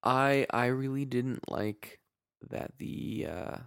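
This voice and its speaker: A man's voice: medium pitch, slow, creaky, fairly bright tone, smooth, dry recording, clean studio sound. A man co-hosting a casual film podcast, blunt and swearing as he picks a movie apart. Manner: blunt, swears, mock-quotes characters. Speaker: podcast co-host. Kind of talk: casual film review chat.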